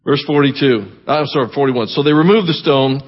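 A man's voice: mid-range voice, dull audio. Earnest Southern man preaching a sermon. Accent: Southern American. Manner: reads verses then explains them plainly, measured and earnest. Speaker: guest preacher. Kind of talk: sermon with scripture reading.

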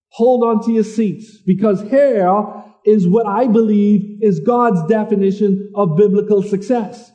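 Male preacher, very high voice, soft dark tone, muffled lo-fi recording, conversational sermon. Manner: conversational preaching, repeats words, reads scripture slowly.

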